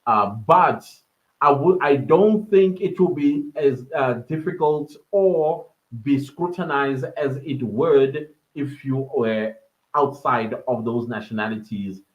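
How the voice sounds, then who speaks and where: A man's voice: medium pitch, slow. Chatty South African man, lo-fi stream. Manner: chatty, laughs often, many fillers. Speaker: podcast host answering live chat. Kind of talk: casual live-stream chat. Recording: dull lo-fi live-stream audio.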